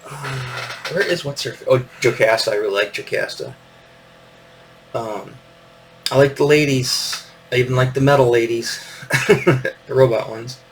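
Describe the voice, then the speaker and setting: A man's voice: mid-range voice, fairly even intonation, measured pace, recorded from a distance, low-quality recording. A man in his fifties hosting a casual show-and-tell, meandering with lots of fillers and little chuckles. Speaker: podcast host.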